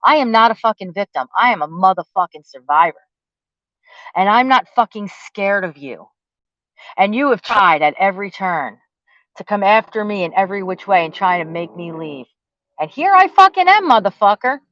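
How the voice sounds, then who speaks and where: A woman's voice: mid-range voice, moderate pace, dry recording. A woman who rants straight at the camera, cursing hard and throwing out taunting questions. Her voice sits mid-range for a woman, and the sound is dry and a little dull, as from a cheap home mic. She is defiant and never lets up. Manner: profane and confrontational, heavy cursing. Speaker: vlogger. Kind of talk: angry rant to the camera.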